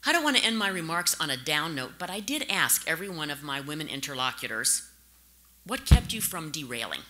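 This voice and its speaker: American woman, 50s, conference speaker; anecdotal and conversational, crisp bright timbre. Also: deep voice, very animated, fast talker. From St. Louis, USA. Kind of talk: conference speech.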